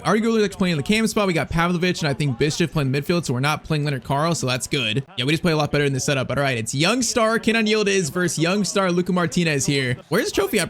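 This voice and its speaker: A young man giving casual, excitable live commentary on his own football video game match, with slang and outbursts at big plays. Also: a little high. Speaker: gaming YouTuber.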